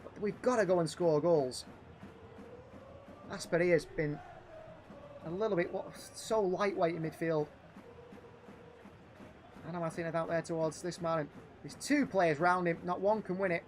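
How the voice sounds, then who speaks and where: A high-voiced man, a gaming livestream host, calls live play-by-play on a football management game at normal speed, pausing often over slight background noise. He's animated and frustrated, thinking aloud between match calls.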